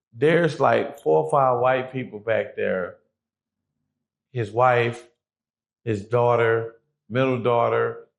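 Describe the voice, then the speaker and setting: Gravelly man telling a prison story. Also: mid-range voice. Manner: animated, acts out quotes, swears freely. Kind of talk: casual storytelling.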